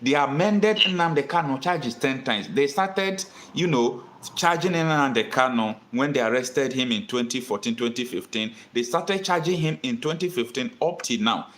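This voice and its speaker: A man's voice: mid-range voice, animated, moderate pace, hardly any pauses, fairly bright tone. Earnest Nigerian man hosting callers. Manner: earnest, repeats points for emphasis. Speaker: host taking callers. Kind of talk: call-in political talk show.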